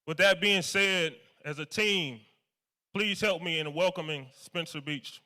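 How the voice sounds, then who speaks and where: Bright-voiced man introducing a speaker. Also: a little high, a little slow, slight background noise. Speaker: meeting host introducing the speaker. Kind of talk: formal introduction. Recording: echoey hall from afar.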